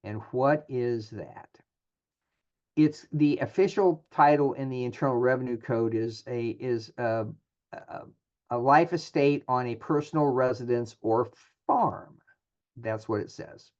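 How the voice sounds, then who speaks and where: A man's voice: mid-range voice, measured pace, darkish tone. A man giving a presentation on charitable gifts in a conversational style, with frequent filler words and restarts. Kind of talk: webinar presentation. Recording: dull lo-fi audio.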